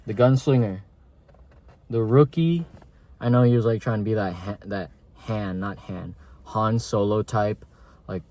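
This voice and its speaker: Young adult male reviewer, lowish warm tone, loose slangy delivery. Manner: slangy, rambling, heavy on filler words. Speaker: TV show reviewer. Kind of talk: casual spoken review.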